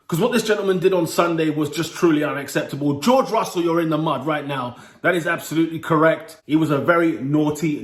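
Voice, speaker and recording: A young man giving a lively, exclaiming solo review and playfully scolding as he goes. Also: high voice. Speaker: motorsport commentator vlogger. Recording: echoey room.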